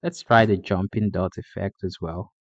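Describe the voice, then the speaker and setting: A man's voice: low-pitched, fairly even intonation, normal speed, no room sound, muffled recording. A man narrating a coding tutorial over a screen recording, explaining steps plainly with frequent "uh" fillers.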